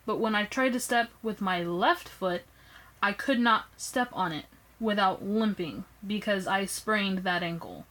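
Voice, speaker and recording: Speaking directly into her phone camera, a young woman vlogger shares a personal story in a chatty, expressive way. She raises her voice to act out quoted lines, so her mid-range pitch shifts a lot from one line to the next. Her pace is a little slow, and the recording sounds rough.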